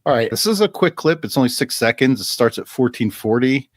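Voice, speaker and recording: A man's voice: mid-range voice, expressive, fairly quick, no echo. A man co-hosting a podcast, dry and wry while cueing up clips. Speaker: podcast co-host. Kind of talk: casual chat.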